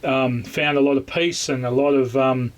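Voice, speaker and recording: A man's voice: medium pitch, steady tone, moderate pace. A man with an Australian accent telling a personal story in a rambling, casual way, full of fillers and restarts. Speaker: vlogger.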